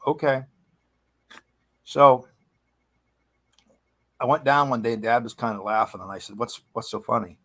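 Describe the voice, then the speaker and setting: A man's voice: medium pitch, unhurried, long pauses, pushed and bright. A middle-aged man casually telling a true ghost story in a rambling, chatty way with frequent restarts. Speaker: guest storyteller.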